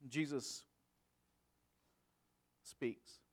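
A man preaching a sermon, asking rhetorical questions and moving between loud emphasis and quiet, hushed lines. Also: very slow.

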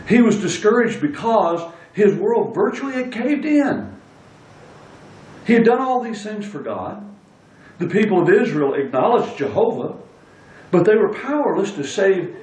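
Male preacher, emphatic delivery, a bit high, roomy echo. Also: darkish tone. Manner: emphatic, stresses single words. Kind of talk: sermon. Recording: echoey room, speaker far from mic.

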